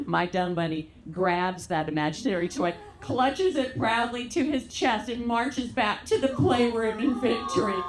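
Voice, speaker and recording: A woman's voice: on the high side, measured pace. Brash Southern woman doing stand-up. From Louisiana. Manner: brash, bawdy storytelling, big acted-out quotes. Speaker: stand-up comedian. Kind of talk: stand-up comedy set. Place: theatre stage with live audience. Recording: roomy theatre with crowd noise.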